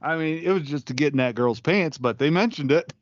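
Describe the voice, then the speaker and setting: A man's voice: on the high side, brisk, no echo, lo-fi sound. Laid-back man in profane banter. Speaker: podcast co-host. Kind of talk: casual comedic chat.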